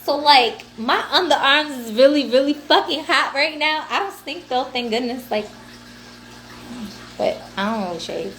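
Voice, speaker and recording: High-voiced woman chatting loosely on a livestream. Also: animated, normal speed, a bit bright. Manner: loose, profane, laughing talk to viewers. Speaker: livestream host. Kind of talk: casual livestream chat.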